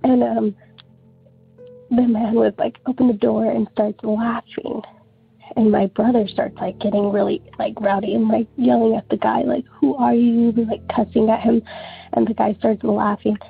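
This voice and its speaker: A woman's voice: a little high, level tone, normal speed, vocal fry, husky. A woman calling in to tell a story in a rambling, casual way, filling her sentences with "like.". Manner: rambling, heavy use of "like". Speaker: caller. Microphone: telephone. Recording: phone line with faint music.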